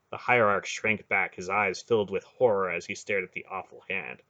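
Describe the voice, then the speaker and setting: Deep-toned man reading an audiobook. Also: fairly even intonation, moderate pace, hardly any pauses, pushed and bright. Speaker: audiobook reader. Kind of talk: audiobook narration. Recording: dull lo-fi home recording.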